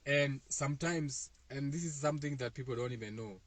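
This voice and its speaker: A man's voice: mid-range voice, brisk, no room sound. A man with a Kenyan accent hosting a casual spiritual self-help talk for viewers, speaking in a loose, repetitive way with many fillers. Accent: Kenyan, Kikuyu-speaking.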